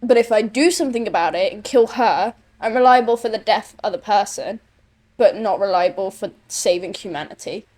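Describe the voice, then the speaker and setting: A woman's voice: mid-range voice, a little fast, a little mellow. A woman giving casual, blunt gameplay commentary, swearing and reading choices aloud. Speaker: gameplay streamer.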